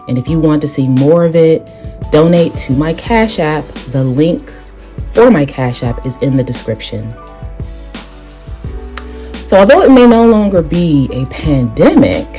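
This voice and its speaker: A woman with a low, mellow voice hosts her commentary vlog. She speaks in a measured way and poses questions straight to her viewers, with soft music faint behind her. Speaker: channel host.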